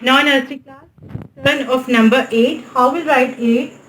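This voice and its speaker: A woman with a Pakistani English accent teaching a nursery maths lesson in a slow, sing-song way, repeatedly calling on the class. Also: high-pitched, steady tone, fairly bright tone, echoey room, a little hiss or hum, rough recording. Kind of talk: recorded online maths lesson for small children.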